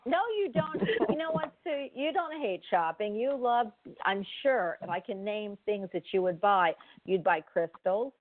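A woman's voice: medium pitch, measured pace, few pauses, no room sound. Effusive chatty woman host, phone-like audio. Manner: effusive, chatty, laughs often. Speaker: radio show host. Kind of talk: casual call-in chat.

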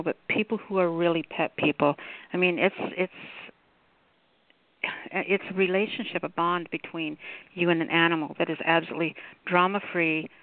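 A woman's voice: lowish voice, no echo. A woman hosting a call-in poetry radio show, chatting casually and rambling with lots of fillers. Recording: tinny phone-line audio.

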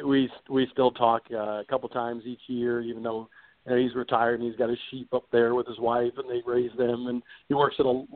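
A middle-aged motorsports broadcaster answers interview questions eagerly and rambles, restarting often. His voice is medium in pitch, with no room sound, and the audio is tinny, like a phone.

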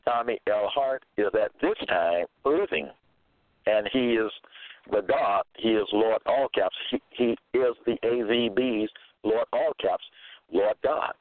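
A man preaching slowly and deliberately, citing scripture verses and checking in with his listeners. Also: fairly low pitch, no echo. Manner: deliberate, cites verses, repeats "okay?". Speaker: self-styled religious teacher. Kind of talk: slow scripture-citing sermon. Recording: tinny phone-like dry sound.

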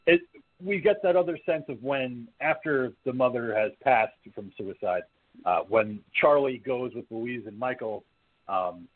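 A man co-hosting a casual horror film podcast, retelling scenes in an animated, blunt, profane way. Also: medium pitch, husky. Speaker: podcast co-host. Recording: phone-like narrow band.

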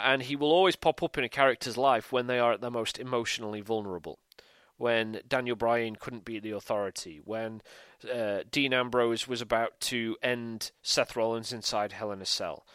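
A man's voice: mid-range voice, pushed and bright, no echo. A man hosting a solo podcast, talking animatedly with rhetorical questions and frequent ums and restarts. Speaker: show host.

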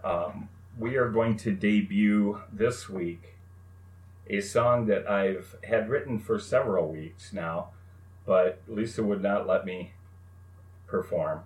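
An older man co-hosting a casual podcast, cracking dry jokes in an unhurried way. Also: fairly low pitch. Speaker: podcast co-host and singer. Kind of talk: casual chat. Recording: roomy, off-mic, guitar behind.

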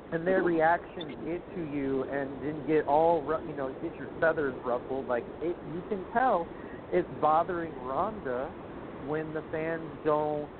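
A man co-hosting, giving opinionated, ranting takes in casual wrestling chat. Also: a little high. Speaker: co-host. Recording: tinny phone line with clear noise.

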